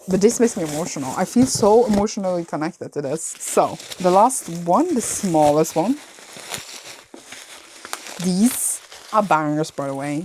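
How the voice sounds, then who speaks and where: A young woman vlogging casually about her books, gushing and excitable, often breaking off mid-sentence. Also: medium pitch. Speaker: book vlogger. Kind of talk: casual reading vlog.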